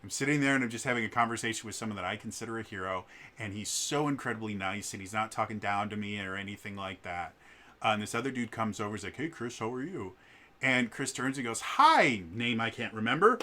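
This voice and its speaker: Stammering man with a bright tone. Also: on the low side, quick pace. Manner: hesitant, stammering, with many restarts and fillers. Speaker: vlogger. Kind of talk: casual personal storytelling.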